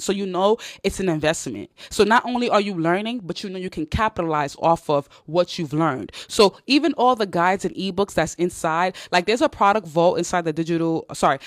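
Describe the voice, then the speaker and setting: A woman's voice: on the low side, no room sound, clean studio sound. A woman from Nigeria, an online business coach, giving a blunt, casual pep talk. She swears and repeats lines for emphasis.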